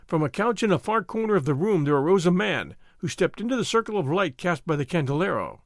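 Brief: male audiobook narrator, high and expressive, very dry close recording. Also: quick pace, no echo.

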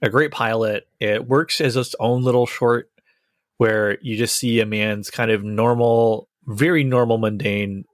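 A man's voice: mid-range voice, steady tone, a little slow, dry recording, clean studio sound. A man chatting casually as a podcast co-host, enthusiastic and rambling as he reviews a TV series. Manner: enthusiastic, rambling, restarts sentences.

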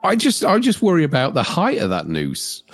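A man's voice: fairly high pitch, wildly swooping pitch, normal speed, breathy edge. A man co-hosting a movie watchalong, chatting casually and laughing often. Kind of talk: casual chat over a film.

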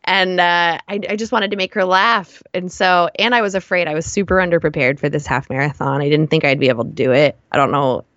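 A chatty woman guest, telling stories in a relaxed interview and laughing often. Her voice sits low. The sound is dull and dry, with no room echo. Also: brisk, few pauses. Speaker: guest, running blogger. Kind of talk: casual interview chat.

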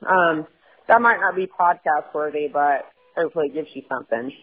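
A woman's voice: low-pitched, a little fast, breathy edge. A woman leaving a chatty, offhand voicemail with a story for the podcast. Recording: tinny phone line.

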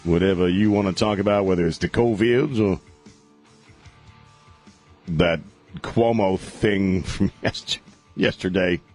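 A man's voice: deep voice, a little slow, long pauses, faint music behind. A middle-aged man hosting a talk radio show, rambling and joking in casual banter from a studio mic. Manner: rambling, jokey, animated, lots of laughs and filler. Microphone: studio microphone.

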